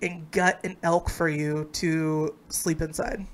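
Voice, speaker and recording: A woman's voice: low voice, fairly even intonation, takes it slowly. Sick, nasal-voiced woman co-host joking. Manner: joking, sarcastic banter. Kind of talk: casual chat on a live stream.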